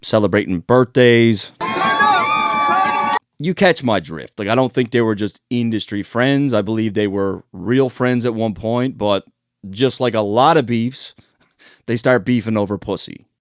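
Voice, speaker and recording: A man's voice: fairly low pitch, a little slow, very noisy. A man narrating a commentary video in a casual, conversational way, swearing now and then. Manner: conversational, swearing, reads quotes aloud. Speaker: commentary channel host.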